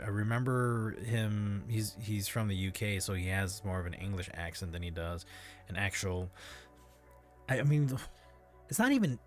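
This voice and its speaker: A man's voice: on the low side, fairly bright tone. A man hosting a livestream in casual chat, rambling and hesitant with frequent restarts. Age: adult parent. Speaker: livestream host.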